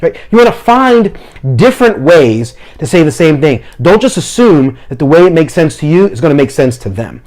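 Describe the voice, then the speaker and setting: A man who talks fast, giving practical teaching advice to camera and acting out short examples as he goes. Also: fairly high pitch, big pitch swings, a little mellow. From Philadelphia, family from Puerto Rico. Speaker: mission trip leader and preacher. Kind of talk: instructional talk to camera.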